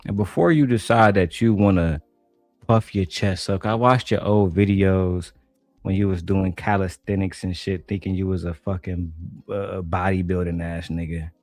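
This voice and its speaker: A man's voice: deep voice, fairly even intonation, normal speed, a little mellow, no room sound, faint music behind. A man from Detroit giving blunt, mocking, heavily profane reaction commentary on a panel clip. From Detroit, USA.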